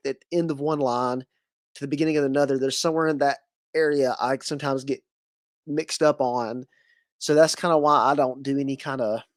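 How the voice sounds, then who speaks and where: A man's voice: medium pitch, no room sound. A male podcast host with a Southern US accent, chatting casually in a mid-range voice. He rambles and restarts his sentences, wandering loosely through each thought. The sound is dry and close. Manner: rambling, many fillers and restarts. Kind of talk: casual conversational interview.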